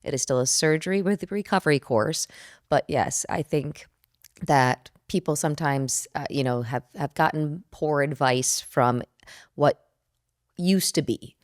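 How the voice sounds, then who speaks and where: A woman's voice: low-pitched, unhurried, dry recording, clean studio sound. A woman foot surgeon explaining in a plain-spoken, matter-of-fact way on a podcast. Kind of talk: podcast conversation.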